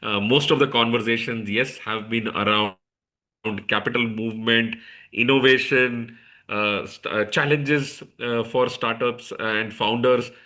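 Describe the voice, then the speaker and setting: A man hosts an event session and moderates the speakers. His voice is bright and forward at a middle pitch. He hesitates often, with many fillers. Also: steady tone, measured pace.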